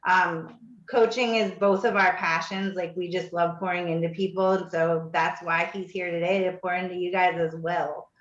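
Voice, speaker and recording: A woman's voice: fairly low pitch, fairly even intonation, normal speed, echoey room, muffled recording. A woman hosting a group coaching call, speaking enthusiastically and rambling a little in casual talk.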